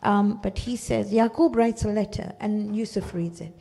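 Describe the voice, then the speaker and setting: A woman's voice: medium pitch, fairly even intonation, moderate pace, creaky, warm tone. A woman teaching a religious study class, explaining verses through storytelling and often checking in with her listeners.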